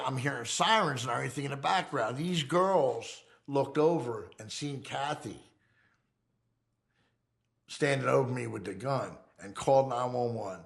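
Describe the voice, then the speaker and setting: Give me a gravelly middle-aged man telling a wild story, animated and cussing. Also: medium pitch, measured pace. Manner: profane, animated, swings his voice for quotes. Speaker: interviewee. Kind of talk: storytelling interview.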